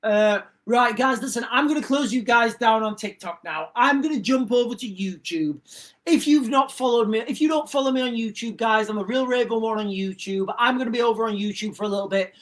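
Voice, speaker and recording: A man's voice: very high voice, fairly quick, fairly bright tone. A man hosting a live stream, ranting casually in a rambling way, repeating himself and cutting off his own sentences. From England. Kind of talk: casual livestream rant.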